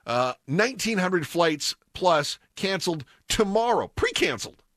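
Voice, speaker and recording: A man's voice: high voice, sing-song, measured pace, fairly bright tone, dry recording. A man hosting a talk radio show, chatting wryly in a conversational monologue from the studio mic. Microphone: studio microphone.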